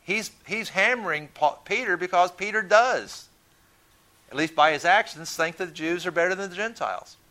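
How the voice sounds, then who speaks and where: A man's voice: high voice, normal speed, pushed and bright. A man teaching a Bible study in a conversational way, often repeating words as he thinks and asking his listeners questions.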